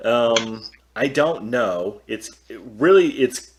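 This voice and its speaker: A man's voice: medium pitch, animated, slow. A man co-hosting a casual movie discussion, laid-back and thinking aloud with fillers. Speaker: podcast co-host.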